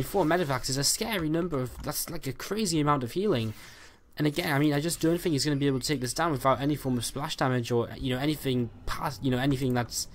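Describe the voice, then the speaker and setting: Man, esports caster, live game commentary, quick delivery, lots of filler words, headset mic. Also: fairly high pitch, slight background noise. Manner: rapid play-by-play full of "uh" and "I mean" fillers.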